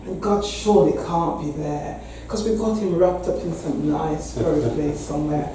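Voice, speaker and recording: A woman's voice: low-pitched, moderate pace, mellow, slight background noise. A woman in her sixties with an English accent, a parish priest giving a candid, wry talk with frequent laughter. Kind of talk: speech to a meeting. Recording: echoey hall from far off.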